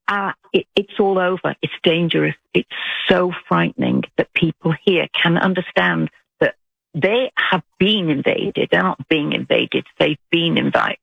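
A woman's voice: fairly low pitch, gravelly, husky, dry recording. A British woman calling in to a talk radio show, speaking earnestly and rambling with restarts over a phone line. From United Kingdom. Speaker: caller.

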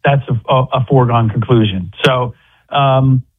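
A man's voice: medium pitch, moderate pace, phone-quality sound. A man giving casual basketball analysis as a remote guest, rambling with many restarts. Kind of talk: casual sports chat by phone.

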